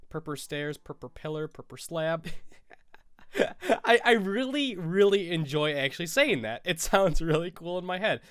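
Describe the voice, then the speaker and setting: A man's voice: on the high side, fairly bright tone, smooth. Stuffy-nosed young man rambling over gameplay. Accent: American. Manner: rambling, self-correcting, sniffling. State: stuffy nose from a cold. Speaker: Minecraft YouTuber. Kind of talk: casual gameplay commentary.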